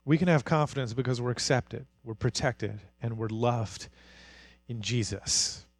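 A man preaching a sermon as pastor, moving from hushed, intimate passages to fired-up, rising declarations. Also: medium pitch, measured pace, dry recording. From Canada.

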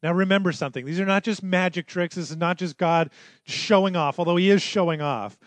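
High-voiced male pastor preaching. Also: a little fast, no echo. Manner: conversational storytelling, acting out quotes. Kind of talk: sermon. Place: church.

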